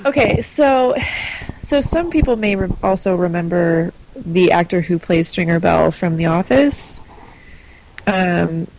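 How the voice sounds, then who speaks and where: A woman's voice: fairly low pitch, unhurried, darkish tone, slight background noise, low-quality recording. A woman co-hosting a podcast, chatting casually and hesitantly with many fillers. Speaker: podcast co-host. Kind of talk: casual chat.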